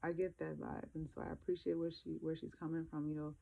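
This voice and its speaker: A woman vlogging on her phone, crying and halting, with many fillers and soft laughs. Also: low-pitched, little pitch movement, creaky. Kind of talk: emotional casual phone vlog. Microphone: handheld phone. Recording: phone-like lo-fi sound.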